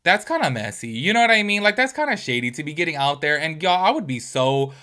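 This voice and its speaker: A man's voice: fairly high pitch, quick pace. A man hosting a reaction video, talking in a casual, gossipy way with lots of "like" and "y'all". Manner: animated, chatty, full of "like" and "y'all".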